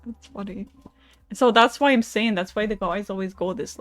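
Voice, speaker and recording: A young woman hosts a live stream and chats loosely with her viewers, greeting them and telling stories between card readings. She laughs easily and drops casual swears. Soft music plays faintly behind her. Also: medium pitch, fairly even intonation, moderate pace.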